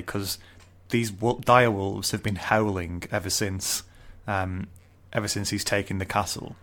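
A young man with a lowish voice talks through a book chapter in casual podcast chat. He laughs easily and often stumbles over fillers and restarts as he thinks aloud. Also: fairly bright tone. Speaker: podcast co-host.

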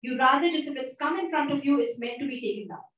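A woman's voice: sits high, fast talker, a bit bright. A woman preaching a sermon, emphatic, repeating phrases and asking her listeners questions. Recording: echoey room, voice from a distance.

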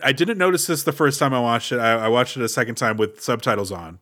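A man's voice: medium pitch, quick pace, bright, forceful tone. A man co-hosting a casual movie podcast, playful and jokey, asking questions and laughing often. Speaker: podcast co-host.

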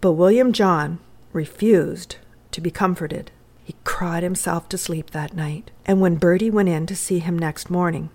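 A woman reading a short story aloud in a measured, expressive way. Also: on the low side. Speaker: reader.

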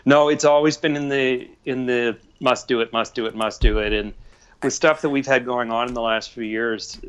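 A man's voice: fairly even intonation, normal speed, clean tone. A man in his forties, a podcast guest telling rambling stories with lots of fillers. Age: 40s. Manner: rambling, chuckling storyteller with many fillers. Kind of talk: casual podcast chat. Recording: dull low-fidelity audio.

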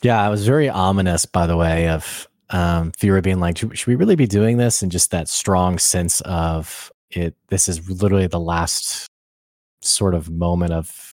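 A man in a casual recap chat, telling the story in an animated way with many fillers and quick laughs. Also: low-pitched, dry recording, clean studio sound. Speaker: podcast co-host.

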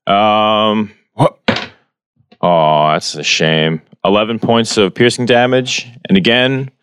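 A man's voice: on the low side, slow, noisy background. A man playing a tabletop game, talking casually and a little hesitantly as he describes his moves. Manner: hesitant, many "uh" and restarts. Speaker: player.

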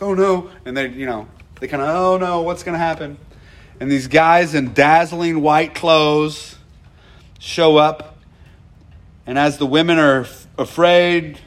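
A man preaching a sermon, animated and acting out the voices of the people he quotes. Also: a little high. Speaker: pastor.

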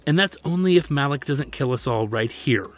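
A man's voice: medium pitch, expressive, moderate pace, faint music behind, pitched above the performer's own voice, lightly acted. A man voicing a stern, formal male manager and loyal servant, speaking insistently.

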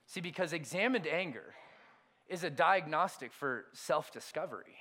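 Preaching at a moderate pace, this male pastor sounds a little high and animated. He shifts from quiet, intimate lines to forceful outbursts and poses rhetorical questions to his listeners.

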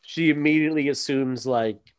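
A man's voice: on the high side, normal speed. A man hosting a podcast, chatting casually with many fillers and asides. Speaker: podcast host. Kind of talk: casual chat.

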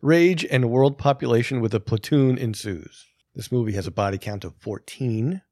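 A man's voice: medium pitch, normal speed, darkish tone, no echo. A man hosting a podcast, chatting casually with a wry, dry humor. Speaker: podcast host. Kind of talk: casual chat.

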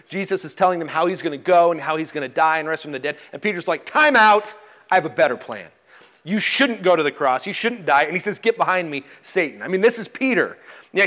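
A man's voice: high-pitched, a bit bright. A man preaching a sermon in a conversational way, with fillers and restarts, reading scripture aloud. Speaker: pastor.

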